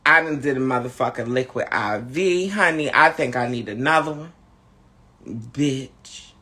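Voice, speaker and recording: A camp, sassy host drawling through a casual live-stream chat, tired and low on energy. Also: male voice, a little fast, pushed and bright.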